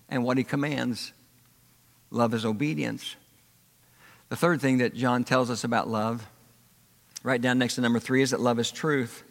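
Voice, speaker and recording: A man's voice: mid-range voice, fairly bright tone. A pastor preaching a sermon to his congregation, emphatic, letting his voice swell and drop for effect. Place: church hall. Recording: reverberant church hall.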